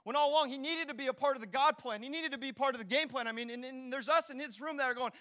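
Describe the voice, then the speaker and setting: A man preaching a sermon in a church hall, animated and storytelling, acting out quotes. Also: extremely high pitch, racing, few pauses. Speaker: pastor.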